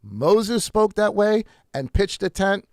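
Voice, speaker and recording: A man preaches a sermon in a rising and falling, animated voice that sits a little high. He leans on key words by stretching them out, then rushes through quick asides. The sound is close and dry, with no room echo. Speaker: pastor. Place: church.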